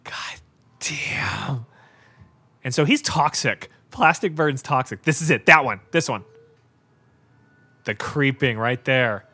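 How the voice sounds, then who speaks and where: Podcast host, male, average pitch, excitable live movie commentary, casual and profane. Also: unhurried. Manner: excitable, reacts aloud with frequent laughs and exclamations; casual and profane, with lots of fillers like "like" and "God".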